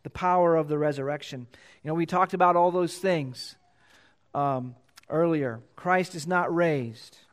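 A pastor preaching a sermon, reading scripture aloud and repeating key phrases for emphasis. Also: male voice, unhurried. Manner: reads scripture louder and higher, then drops low to explain.

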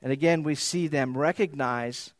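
A man's voice: a little high, moderate pace, dry recording. A man preaching a sermon in a conversational, storytelling way, often repeating words as he searches for them.

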